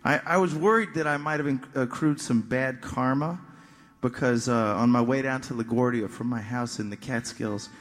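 A male musician tells a meandering, self-deprecating story from the stage, tripping over his words and restarting. His voice sits at an ordinary middle pitch. A long hall reverb trails each phrase. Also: moderate pace. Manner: rambling, self-deprecating anecdote with stammered restarts. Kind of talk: stage banter between songs. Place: live concert venue.

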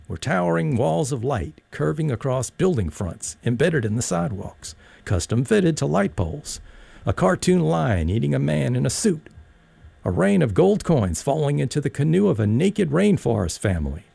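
Gravelly, dark-voiced man narrating a story. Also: mid-range voice, no room sound. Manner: wry, rambling storyteller. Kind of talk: audiobook reading, first-person story.

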